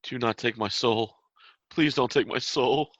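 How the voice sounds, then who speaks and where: A man's voice: sits low, fairly even intonation, moderate pace, creaky, bright, forceful tone, no echo, lo-fi sound, heavily acted. A man voicing a frightened male cultist who pleads for his soul and swears obedience. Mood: pleading. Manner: pleading, fearful.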